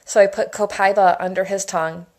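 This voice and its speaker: Woman, 30s, chatty and excitable, casual monologue, rambling stories. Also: medium pitch, a little fast. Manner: chatty and enthusiastic, rambling storytelling. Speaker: essential oils educator.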